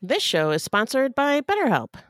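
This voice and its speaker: A woman's voice: high-pitched, wildly swooping pitch, moderate pace, fairly bright tone, no room sound, clean studio sound, faint music behind. A woman co-hosting a podcast in casual chat, easygoing as she reads listener letters. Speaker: podcast co-host.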